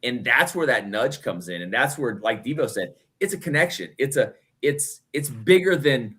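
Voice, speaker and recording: A man co-hosting a faith podcast in casual chat, animated and emphatic, speaking in quick bursts. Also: medium pitch, slightly rough. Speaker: podcast co-host.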